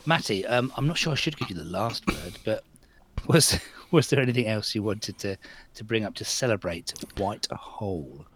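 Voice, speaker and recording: A man's voice: on the low side, lively intonation, moderate pace, a bit bright, slight background noise. A man hosting a podcast in a casual, chatty, self-deprecating way. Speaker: podcast host. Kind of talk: casual chat.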